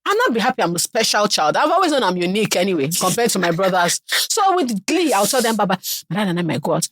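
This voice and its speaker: A woman with a Nigerian accent, co-hosting a podcast, telling childhood stories playfully with quick interjections. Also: medium pitch, very animated, a bit bright, no room sound, studio quality. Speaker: podcast co-host. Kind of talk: casual chat.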